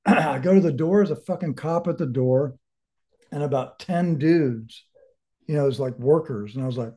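A man's voice: mid-range voice, normal speed, mellow. A man in his forties telling his own story as an interview guest, blunt and emphatic, swearing constantly. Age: 40s. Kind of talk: candid personal storytelling.

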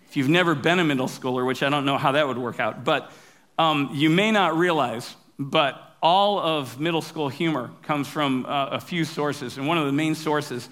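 A man's voice: fairly high pitch, fairly bright tone. Man preaching in a conversational, humorous way. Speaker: pastor. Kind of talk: sermon.

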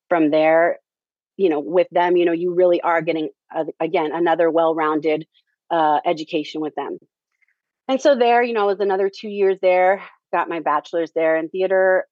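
In a dull, lo-fi, dry recording, a woman with a lowish voice shares her story as an interview guest. She's a theater director and talks in a chatty way, frequently falling back on "um" and "you know."

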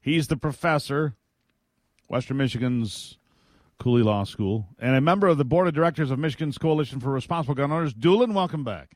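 A man's voice: medium pitch, lively intonation, a little fast, dry recording, studio quality. A man hosting a political talk radio show, opinionated and chatty, laughing now and then.

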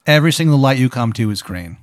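A male host narrating an improvised comedy scene in a playful, deadpan way. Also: mid-range voice, quick pace, no room sound, clean studio sound. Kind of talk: improv storytelling.

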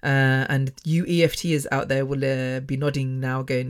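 With a low, clear, resonant voice, a middle-aged woman talks unhurriedly and with hardly any pauses into a microphone from her bedroom. Hosting her own podcast, she rambles candidly and emotionally, laughing and restarting along the way.

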